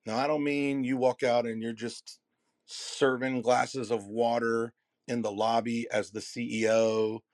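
A man delivers a motivational keynote with a preacher's rhythm, leaning hard on key words and letting dramatic pauses hang before repeating a phrase. His voice sits in an ordinary middle register and sounds dry and close, with almost no room echo. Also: medium pitch, level tone. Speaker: keynote speaker and messaging coach. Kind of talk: motivational keynote to a live audience.

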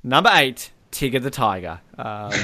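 A man's voice: medium pitch, very noisy. A man hosting a podcast, teasing his co-hosts and laughing as he leads the ranking. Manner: lively, teasing, laughs while talking. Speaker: podcast host. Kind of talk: casual chat.

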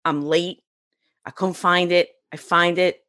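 A middle-aged woman, a podcast guest, telling her story in a casual, animated way and acting out the voices of people she quotes. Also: lowish voice, unhurried. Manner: animated, acts out quoted dialogue.

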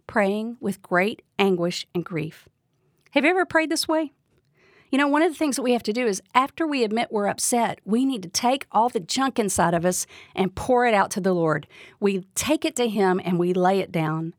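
A woman's voice: medium pitch, no room sound, clean studio sound. Earnest woman giving a devotional talk. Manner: earnest, direct questions to the listener. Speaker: Bible teacher. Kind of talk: devotional teaching.

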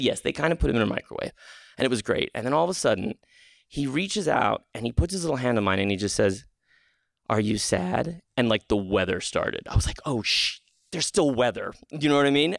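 A man telling a personal story on stage, lively, acting out the quotes with sudden jumps up in pitch. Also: vocal fry, dry recording.

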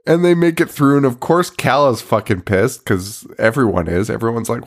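A man's voice: medium pitch, moderate pace. A man hosting a podcast, recapping a movie plot in casual chat, rambling, laughing often and swearing freely. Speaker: podcast host.

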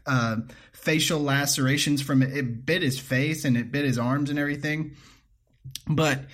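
A man co-hosting a casual chat show, who laughs often and reads steps aloud between jokes. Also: mid-range voice. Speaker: podcast co-host.

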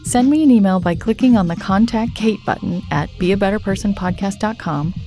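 Gentle reassuring woman podcast host. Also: medium pitch, fairly quick, soft background music. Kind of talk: self-help podcast monologue.

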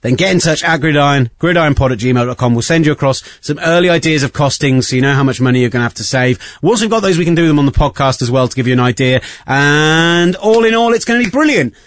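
A man hosting a casual sports podcast, talking in an animated, ranting way. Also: medium pitch, rapid-fire, hardly any pauses, dry recording. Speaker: podcast host.

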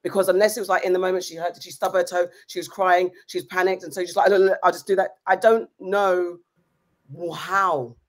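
A woman hosting a casual chat podcast, talking in an animated, rambling way with lots of restarts. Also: fairly low pitch, a little fast.

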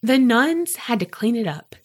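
A woman co-hosting a podcast, telling a story in casual chat, animated and swearing freely. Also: on the high side, measured pace, husky. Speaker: podcast co-host.

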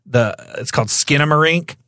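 A man's voice: fairly high pitch, moderate pace, sharp tone, dry recording, studio quality. A man from the South, co-hosting a podcast in blunt, profane, wisecracking casual chat. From Southern United States. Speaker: podcast co-host.

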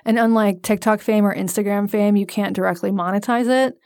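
A woman's voice: medium pitch, fairly even intonation, fairly quick, a little mellow, no room sound. A woman co-hosting a podcast, telling a story in a dry, joking, casual way. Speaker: podcast co-host.

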